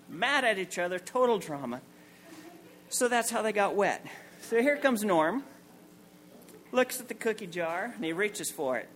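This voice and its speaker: A man's voice: very high voice, lively intonation, a little slow, pushed and bright, slight background noise. A man in his forties telling a comic, self-mocking personal story on stage at a story night, acting out the people in it. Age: 40s.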